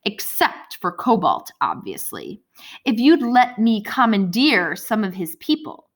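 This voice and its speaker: A woman voicing a brisk businesswoman in an audiobook, with a clipped, polished way of speaking. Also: medium pitch, huge pitch swings.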